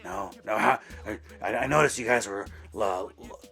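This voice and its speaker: A man putting on the voice of a chain-smoking, breathless older male store boss who rasps through his throat and stammers as he rambles. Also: fairly low pitch, sharp tone. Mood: friendly, rambling. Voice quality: raspy, scratchy throat. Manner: halting, stammering, repeats words.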